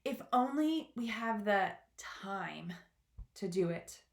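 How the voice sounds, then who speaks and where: A woman reading the lines of a young boy who speaks firmly and calmly, in an echoey room. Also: medium pitch, slow pace. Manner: firm, calm, explaining. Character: brave determined young boy.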